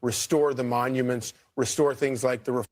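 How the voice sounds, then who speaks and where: A man commenting on politics on a panel, speaking in a measured, hesitant way with many fillers. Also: medium pitch, steady tone, darkish tone.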